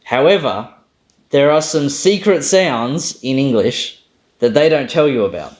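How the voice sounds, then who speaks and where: A man's voice: medium pitch, lively intonation, a little slow, darkish tone. A man with an Australian accent giving a casual, self-deprecating explainer on pronunciation, stopping to say sounds aloud. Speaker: language video host.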